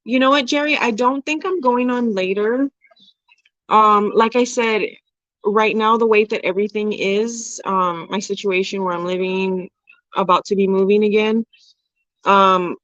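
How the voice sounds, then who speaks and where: A woman's voice: medium pitch, steady tone, unhurried, a bit bright, dry recording, highs cut off. A woman in her forties hosting a casual livestream, reading viewer comments and chatting candidly, swearing and laughing freely. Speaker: livestream host.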